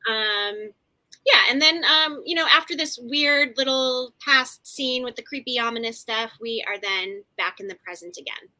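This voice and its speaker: A woman's voice: high voice, moderate pace, sharp tone. A woman co-hosting a podcast, chatting casually as she recaps a TV episode with plenty of fillers and asides. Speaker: podcast co-host.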